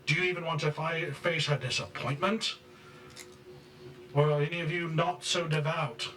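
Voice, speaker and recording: A man voicing a stern, zealous high priest and father who berates people loudly and slowly in a tabletop game. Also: reverberant, distant mic, heavily acted. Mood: angry berating. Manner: loud, slow and berating.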